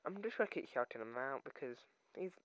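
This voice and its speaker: A man's voice: mid-range voice, expressive, quick pace, fairly bright tone, no room sound, lo-fi sound. A man hosting his own gaming channel, chatting casually and rambling off topic while he plays, into his own microphone. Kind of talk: casual gameplay commentary. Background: game music.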